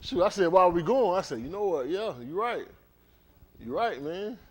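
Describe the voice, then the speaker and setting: Before the service begins in an indoor hall, a high-pitched man who leads the congregation chats at normal speed. His casual banter is animated, full of teasing and storytelling.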